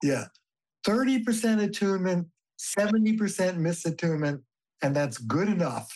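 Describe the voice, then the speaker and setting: An older man, a family therapist, talking as a guest in a podcast interview, telling stories in an animated, emphatic way and swearing casually. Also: high voice, moderate pace, poor audio.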